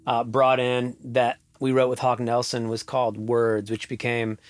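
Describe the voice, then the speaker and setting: A middle-aged man, a musician guest in an interview, telling stories in an animated way and laughing now and then. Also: mid-range voice, unhurried, no room sound. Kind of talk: casual interview storytelling.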